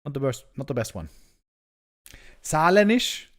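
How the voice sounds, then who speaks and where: At a moderate pace and medium pitch, a German man commentates a live strategy game as an esports caster. He banters playfully with the audience in an animated way, now and then shouting out suddenly.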